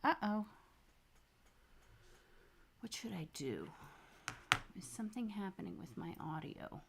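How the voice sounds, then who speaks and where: A woman hosting a live planning stream at her home desk into a desk microphone, talking softly and half to herself as she works. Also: on the low side, expressive, normal speed, gravelly, noisy background. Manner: soft-spoken, muttering to herself while she works. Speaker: planner livestream host. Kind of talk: casual live planning chat.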